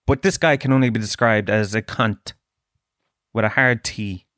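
Guy hosting his own podcast, swears a lot and rants, voice gets loud and high when he's worked up, dry close mic. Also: normal speed, no echo. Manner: profane, ranting, animated. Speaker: podcast host. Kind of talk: comic storytelling monologue.

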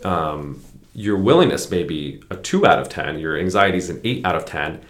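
A man, a clinical psychologist guest, explaining therapy ideas in a relaxed conversational way and often checking in with "right?". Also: low voice, normal speed. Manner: explanatory, frequent "right?" tag questions. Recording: roomy echo.

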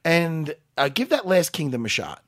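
A middle-aged man, bantering loudly and crudely on a radio show in a studio. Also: on the high side, normal speed, dry recording. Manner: loud, profane, jokey, animated.

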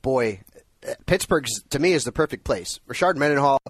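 A man's voice: medium pitch, animated, normal speed, breathy edge, no echo. Chatty male sports radio host, dry sound. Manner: enthusiastic, chatty, laughs easily. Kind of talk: casual sports radio chat. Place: radio studio.

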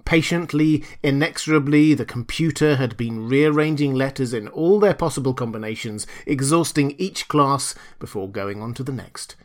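A man's voice: mid-range voice, moderate pace, few pauses. Man narrating a story. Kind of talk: scripted audiobook narration.

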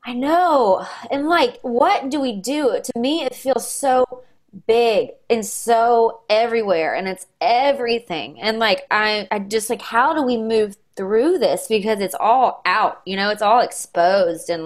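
A woman's voice: fairly high pitch, measured pace. Emotional young woman host, choking up. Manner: warm, emotional, choked up. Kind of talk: casual conversation.

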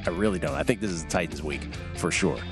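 A man's voice: low-pitched, huge pitch swings, quick pace, gravelly, over music. A man hosting a sports betting show, upbeat and steering the segment. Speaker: host.

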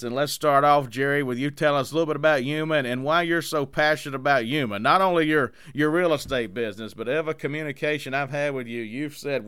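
A man's voice: medium pitch, a bit bright, smooth, no echo, clean studio sound. An enthusiastic man hosting a casual podcast interview, upbeat and friendly in manner. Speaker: podcast host.

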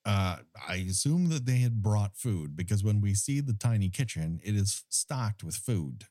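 A man's voice: on the low side, lively intonation, moderate pace, mellow, no room sound, studio quality. A man co-hosting a podcast in casual chat, ranting with wry, mock-indignant humor. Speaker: podcast co-host.

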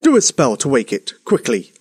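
A grumpy storybook king who splutters out royal orders, put on by a male narrator. His voice is pitched up and bounces around a lot. The recording is close and dry. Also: huge pitch swings, normal speed, darkish tone, breathy edge, no echo, heavily acted. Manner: huffy, commanding, spluttering.

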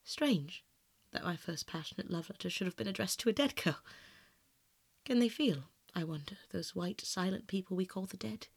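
A man's voice: high-pitched, animated, normal speed, vocal fry, no echo, full character voice. A man reading aloud, voicing a passionate, self-absorbed young male aristocrat with earnest, pleading outbursts, in a dry, close sound. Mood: musing. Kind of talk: audiobook narration.

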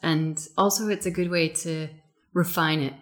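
A woman hosting a casual podcast chat, talking quickly and with excitement. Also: low-pitched. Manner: animated, quick-talking, self-described fast speaker. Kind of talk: casual conversation.

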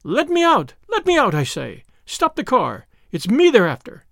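Guy putting on a high pleading young woman, urgent and shaky. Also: wildly swooping pitch, moderate pace, gravelly, fairly bright tone, no room sound, studio quality, full character voice. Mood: desperate.

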